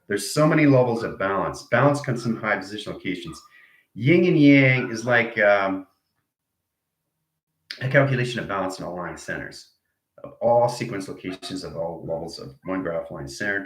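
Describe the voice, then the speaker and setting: A man's voice: deep voice, normal speed, echoey room, low-quality recording. A man giving a rambling spiritual lecture, repeating abstract jargon and checking in with his listeners. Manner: acts out arguing inner voices. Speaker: self-styled spiritual teacher.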